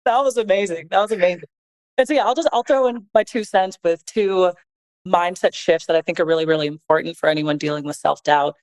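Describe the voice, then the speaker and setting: A woman's voice: fairly low pitch, a little fast, rough recording. A woman talking as a podcast guest and co-author, sharing advice in an earnest, reflective, conversational way.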